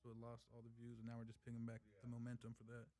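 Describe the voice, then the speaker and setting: A man talking as a producer guest on a podcast. He speaks softly and easily, often trailing off quietly. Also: mid-range voice, racing. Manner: soft-spoken, relaxed, laughs often. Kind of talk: casual interview chat.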